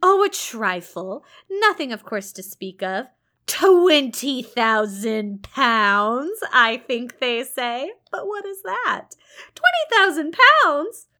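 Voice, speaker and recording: A reserved, stern young clergyman, as a woman reads him aloud in measured, formal old-fashioned phrasing. The voice sits fairly high and bright. He speaks coolly and deliberately, like a figure in a classic novel read aloud. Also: sing-song, exaggerated voice. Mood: dismissive.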